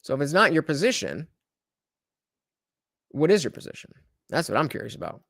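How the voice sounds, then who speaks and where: Reaction host, male, slightly high, loose rambling delivery with restarts. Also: wildly swooping pitch, a little fast, creaky, fairly bright tone, dry recording, studio quality. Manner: rambling, many restarts and fillers. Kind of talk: casual commentary reacting to a clip.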